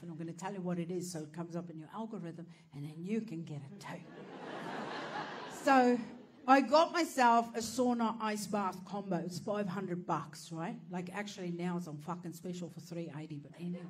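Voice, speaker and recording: A woman's voice: mid-range voice, normal speed, fairly bright tone, a little hiss or hum. A woman telling a brash, profane stand-up story and laughing through her punchlines. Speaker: comedian.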